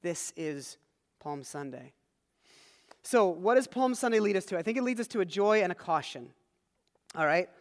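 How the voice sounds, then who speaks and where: A male pastor preaching a sermon, animated, moving between loud emphasis and soft low asides. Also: moderate pace, pauses often, big-room sound.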